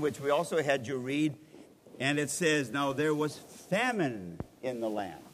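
A male pastor preaching a sermon, animated, acting out voices of the people he quotes. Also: on the high side. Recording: reverberant hall, faint noise.

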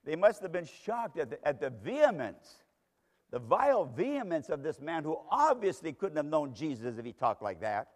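A man's voice: fairly high pitch, very animated, normal speed. Dramatic preacher man in a reverberant hall. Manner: dramatic storytelling, speaking straight to a Bible character. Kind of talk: sermon.

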